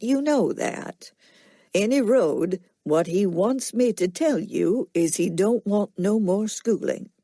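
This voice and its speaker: In an echo-free audiobook recording, a woman with a voice on the low side plays a middle-aged Southern farmer. Her character is quietly stern, plainspoken, and soft-spoken, with a slow, nasal drawl.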